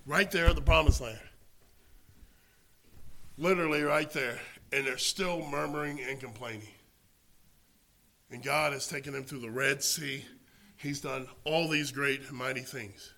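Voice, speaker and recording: A man preaching a sermon, telling a story and swinging from quiet narration to loud exhortation. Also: mid-range voice, measured pace, vocal fry, long pauses, reverberant.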